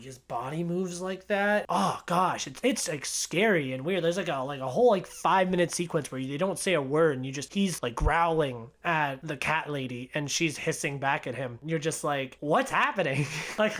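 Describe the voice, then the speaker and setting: A young man giving a casual spoken movie review, chatty and rambling, full of filler words. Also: fairly high pitch. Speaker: film reviewer.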